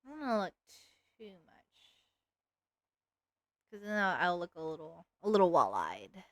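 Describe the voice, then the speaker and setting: A woman's voice: fairly low pitch, big pitch swings, normal speed, a bit bright, no room sound. A woman streamer chatting casually while she draws, rambling along with lots of "like" fillers. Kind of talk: casual livestream chat while drawing.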